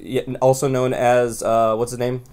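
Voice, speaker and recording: A man's voice: mid-range voice, moderate pace. Jokey male podcast co-host. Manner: animated, laughs often, jokey. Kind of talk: casual chat.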